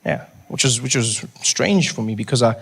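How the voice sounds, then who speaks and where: A young adult man with a South African accent telling a stand-up story, animated and self-mocking with quick asides. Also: mid-range voice, vocal fry, noisy background. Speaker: stand-up comedian. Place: comedy stage before an audience.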